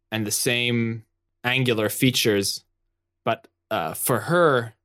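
Give me a man narrating his tabletop character slowly and playfully. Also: medium pitch, a bit bright. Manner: playful, improvising, laughs often. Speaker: player. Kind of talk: tabletop role-play narration.

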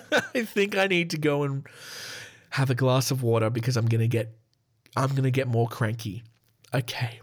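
This is a male podcast host on a casual solo show, reading through a list at a normal speed with long pauses and a medium-pitched voice. He giggles at himself, stays irreverent, and keeps interrupting his own reading to crack jokes.

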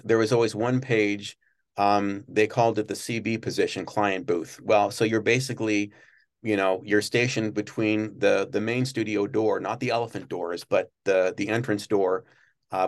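Male interview guest, low-pitched, casual, stumbling storyteller. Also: fairly even intonation. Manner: halting, many restarts and fillers. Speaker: guest, former studio page.

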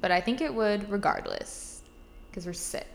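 A woman's voice: mid-range voice, huge pitch swings, moderate pace, creaky, slight background noise. A woman co-hosting a podcast in casual chat, blunt and profane, ranting with heavy swearing. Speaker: podcast co-host. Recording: echoey room.

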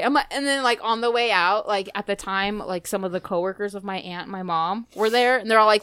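A young woman on a podcast mic telling a rowdy story with lots of swearing and loud outbursts. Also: medium pitch, fairly quick, few pauses, smooth, no echo. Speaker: guest storyteller. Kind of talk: casual podcast chat. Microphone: close podcast mic.

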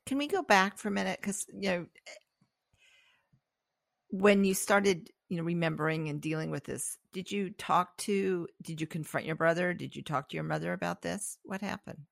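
A woman hosts a podcast interview with a fairly low, gravelly voice. She asks gentle, probing questions. The sound is dry and close to the mic. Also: normal speed, no room sound. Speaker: podcast host. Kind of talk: interview conversation.

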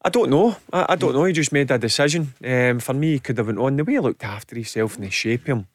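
A man's voice: mid-range voice, fast talker, no room sound. Scottish man chatting football on radio. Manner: animated, repeats words when starting. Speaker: radio pundit, former footballer. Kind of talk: casual football chat.

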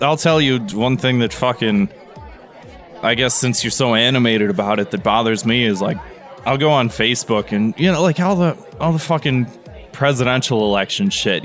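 A man's voice: medium pitch, normal speed, fairly bright tone, soft background music, some chatter behind. A man in improvised comedy banter who rambles hesitantly, stumbling through restarts and fillers.

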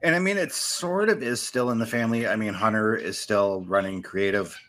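A man's voice: lowish voice, a little fast, fairly bright tone. A man co-hosting a casual podcast, talking loosely with fillers and "you know". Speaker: podcast co-host. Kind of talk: casual chat.

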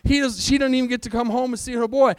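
A man delivers a sermon in a church, his voice sitting high for a man. He presses his congregation with questions and calls for an answering amen. The sound is dry and close, with little room around it. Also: fairly even intonation, quick pace, clean tone, dry recording. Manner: preaching with rhetorical questions and call-and-response. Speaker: pastor. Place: church sanctuary.

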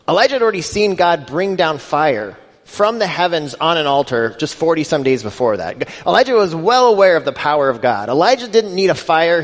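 A male pastor giving a conversational sermon, building emphasis and acting out scripture quotes. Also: a little high. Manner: conversational preaching, rising emphasis, quoting scripture in voices. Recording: long hall reverb.

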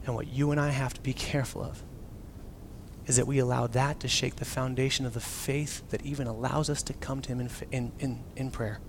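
A man preaching a casual, animated sermon as a pastor, swinging from loud emphasis down to near-whispers and acting out quotes. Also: mid-range voice, brisk, gravelly, noisy background.

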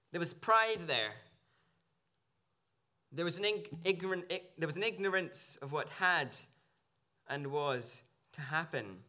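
Bright-toned earnest man preaching. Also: on the high side, animated, measured pace. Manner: earnest, searching, with small restarts. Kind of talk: sermon. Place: church.

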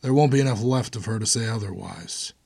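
A man's voice: fairly low pitch, fairly quick, vocal fry, darkish tone, husky, dry recording. A man voicing a grim, blunt hardened older brother in an audiobook.

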